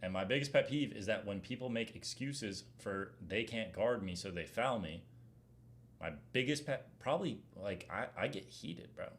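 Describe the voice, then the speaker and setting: A young man streamer answering viewer questions in a casual, slang-heavy way, getting loud and heated as he rants. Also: on the low side, normal speed. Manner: animated slang-heavy rant, gets loud when heated. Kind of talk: casual Q&A chat.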